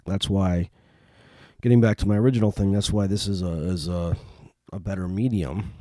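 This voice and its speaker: A man hosting a solo podcast, chatting in a relaxed, rambling way with many fillers. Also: sits low, moderate pace, no room sound. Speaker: podcast host. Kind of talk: casual solo podcast talk. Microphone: home podcast mic.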